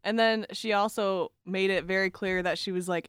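A young woman co-hosting a casual podcast, animated and acting out quotes. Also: medium pitch, moderate pace, hardly any pauses, clear, resonant tone, dry recording, studio quality. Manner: animated, quotes people in voices. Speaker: podcast co-host. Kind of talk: casual chat.

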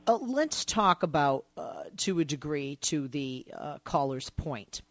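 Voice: medium pitch, sing-song, measured pace, dull audio. Radio host asking pointed questions. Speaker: radio talk show host. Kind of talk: radio call-in show.

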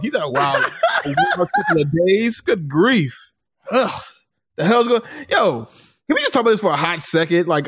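Earnest man with lively voice. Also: on the high side. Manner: earnest, rambling, with many fillers. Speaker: podcast co-host. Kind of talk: casual podcast chat.

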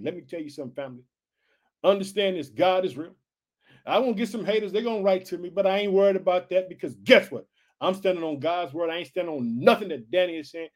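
A man preaching an energetic sermon, reading scripture aloud and calling out to his listeners as family. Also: high-pitched, fairly quick. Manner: animated, exclaims hallelujah, addresses listeners as family.

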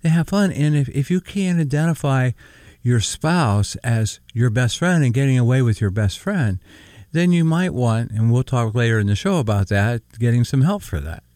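Lively middle-aged man on faith radio. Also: mid-range voice, normal speed, no echo, studio quality. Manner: lively, laughs often, reads Scripture aloud. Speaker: co-host. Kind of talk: casual Christian radio chat.

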